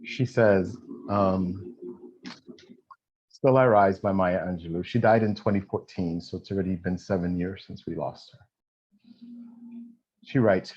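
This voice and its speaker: Husky-voiced male teacher on a video call. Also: sits low, a little mellow. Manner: conversational, checks in with "right?" often; reads poetry aloud expressively with slow dramatic pauses. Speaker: college writing instructor. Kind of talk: online class lecture. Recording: dull lo-fi video call audio.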